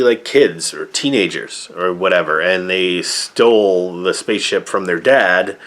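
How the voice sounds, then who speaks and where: A man's voice: on the low side, a bit bright. A man giving a rambling, sarcastic review of an old movie, often exasperated and full of fillers.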